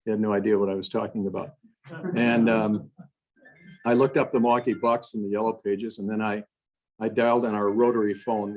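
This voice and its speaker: An older man with a low, husky voice tells stories as a guest speaker. He acts out the quotes and keeps adding "you know" between his restarts. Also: darkish tone, low-quality recording. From Wisconsin. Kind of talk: storytelling talk to a club.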